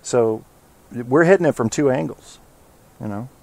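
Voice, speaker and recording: A man's voice: mid-range voice, a little slow, vocal fry, a little mellow, no room sound. Blunt male host, dry close sound. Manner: blunt, profane, chatty. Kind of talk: casual interview chat.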